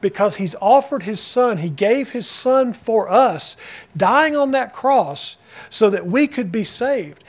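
A male pastor preaching a sermon, emphatic and repetitive, putting direct questions to the congregation. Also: high-pitched. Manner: emphatic, repeating key phrases, asks the congregation questions.

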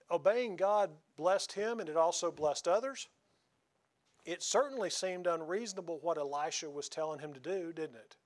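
A man preaches in a relaxed drawl, folksy and chatty. His voice sits slightly higher than most men's, and he keeps asking his listeners questions as he goes. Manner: folksy, conversational, asks the congregation questions. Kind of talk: sermon.

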